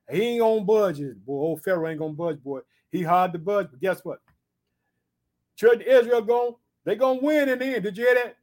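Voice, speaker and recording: Male preacher, high-pitched voice, exhorting Bible sermon, rhetorical questions, emphatic interjections. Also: fast talker. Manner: punctuates with interjections.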